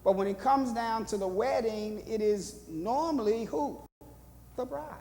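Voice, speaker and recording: A man leads a church Bible study as pastor and teaches in a preaching rhythm, repeating phrases and asking the room questions. His voice sits high but has a dark, gravelly edge. The sound carries a long reverb from the church hall. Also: lively intonation, a little slow.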